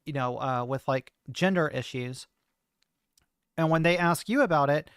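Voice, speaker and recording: A woman's voice: sits low, normal speed, clear, resonant tone, no echo. A trans woman streamer talking in a casual, hesitant monologue, full of fillers and restarts, into a close desk mic. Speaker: streamer host.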